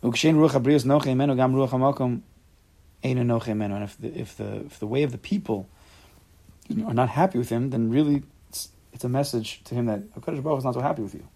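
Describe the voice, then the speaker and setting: A man leading an informal Torah class, animated and acting out quotes with sudden loud jumps in his voice. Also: medium pitch, fast talker.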